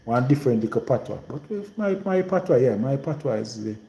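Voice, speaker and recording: Jamaican man, rural Trelawny patois accent, very dark mellow tone, rambling live-stream host. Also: mid-range voice, lively intonation, brisk, echoey room, slight background noise, rough recording. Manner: rambling and repetitive, in heavy patois. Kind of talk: casual live-stream monologue.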